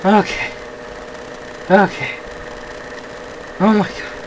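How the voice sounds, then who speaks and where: A man hosting a let's-play, giving excitable commentary, often yelping at the game, with self-mocking rambling asides. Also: sits high, extremely slow, slight background noise, rough recording. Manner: excitable, yelps and shouts at the game. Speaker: gaming channel host.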